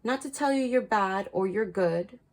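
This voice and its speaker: A tarot card reader gives viewers frank, casual spiritual guidance to camera, swearing freely and repeating words for emphasis. Her mid-range voice moves at normal speed, and the audio is poor.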